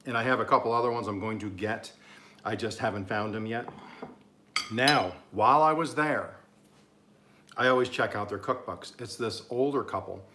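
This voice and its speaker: Low-voiced man from Oklahoma, casual home-cooking vlogger, rambling and self-amused. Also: normal speed, bright, forceful tone, a little hiss or hum. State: talking with mouth full at times.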